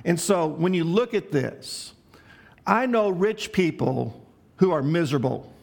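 A man's voice: a little high, lively intonation, measured pace, vocal fry. A man preaching a sermon as pastor, asking the congregation questions and letting them answer, with emphatic, varied delivery.

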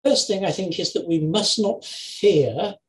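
An older man preaching an earnest sermon over a video call, with measured phrasing and emphatic repetitions. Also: high voice, rough recording. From England, Lincoln. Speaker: lay preacher.

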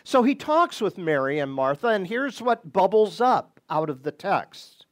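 A man teaching on a Bible passage in a deliberate way, with sudden bursts of emphasis. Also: high-pitched, sing-song.

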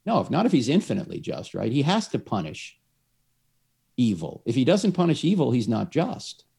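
A man's voice: medium pitch, very animated, normal speed, gravelly, dark tone, slightly rough. A man explaining his faith to one listener through a story, acting out the lines of the people in it. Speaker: evangelist.

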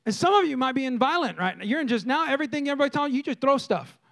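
Man, very high voice, pastor, sermon, lively storyteller, addresses congregation. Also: rapid-fire. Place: church.

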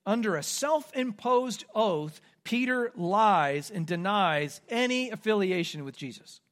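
A man's voice: high-pitched, expressive, measured pace, a bit bright. A man from the American Midwest preaching a sermon as pastor, explaining scripture and acting out quoted lines.

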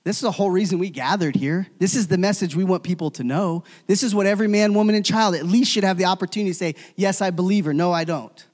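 A man preaching to a morning congregation, his voice sitting a little high for a man. He drives his points with loud emphatic calls, then sinks to hushed, almost whispered endings. The sound carries a long reverb, as in a church hall. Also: very fast, few pauses. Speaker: pastor. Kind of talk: sermon.

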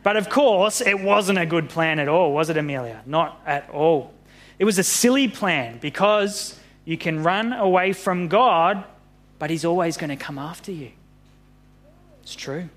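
A man reading a Bible story aloud to children in an animated, friendly way. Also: sits high. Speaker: pastor.

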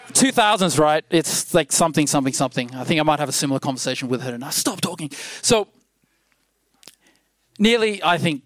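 A man's voice: on the high side, a bit bright, dry recording, clean studio sound. A man in his thirties preaching a sermon, rambling and self-deprecating with many restarts, growing emphatic toward the end.

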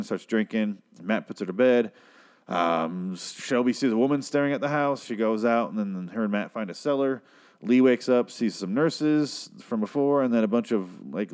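A man giving a crude, sarcastic recap of a TV episode, tossing in quick asides. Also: medium pitch, a little mellow, clean tone. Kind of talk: casual profane TV recap.

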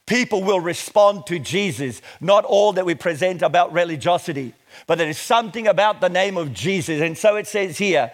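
A middle-aged man preaching a sermon, reading scripture slowly and with emphasis before explaining it. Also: high-pitched, lively intonation. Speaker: pastor.

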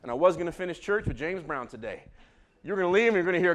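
A man preaching a sermon as pastor in a church, swinging from hushed tones to shouting. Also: sits high, animated, quick pace. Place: church sanctuary.

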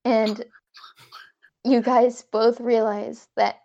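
A woman narrating an off-the-cuff comic scenario, her voice a touch high. She rambles and swears through quick asides, and the recording sounds slightly dull and lo-fi. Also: flat delivery, dark tone. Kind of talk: casual comedic storytelling.

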